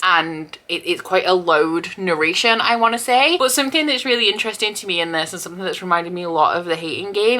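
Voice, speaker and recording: Woman, book vlogger, casual chat, bright tone. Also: on the low side. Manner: chatty, rambling, animated. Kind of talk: casual reading vlog chat.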